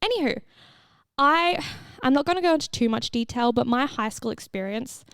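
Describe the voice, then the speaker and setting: A woman's voice: high-pitched, animated, moderate pace, fairly bright tone, smooth, no echo, studio quality. Chatty young woman hosting a podcast. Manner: candid and chatty, swears freely, laughs often. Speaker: podcast host and fitness coach. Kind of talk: casual solo podcast chat.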